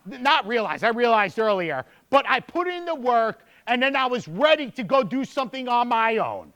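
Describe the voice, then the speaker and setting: A man's voice: very high-pitched, normal speed. A young man giving a motivational speech to a room of students, telling stories with energy and repeating points for emphasis. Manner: energetic storytelling with emphatic repetition. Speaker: speaker addressing students.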